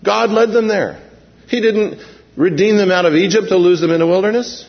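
A male pastor delivers a sermon with a fairly high voice and an animated storytelling manner, jumping into the frightened voices of the people in his story. The sound is dull and muffled, and a long reverb hangs in the hall. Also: moderate pace.

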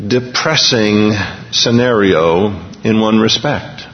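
Captured in a lo-fi recording full of long hall reverb, this pastor's voice sits on the low side and runs a little slow. He preaches conversationally, reading news items aloud to the congregation with earnest care.

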